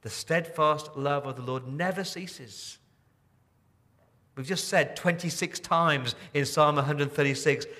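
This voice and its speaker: A pastor preaching a sermon in a church, moving between soft, tender lines and loud, emphatic repetition. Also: male voice, on the high side, a little slow.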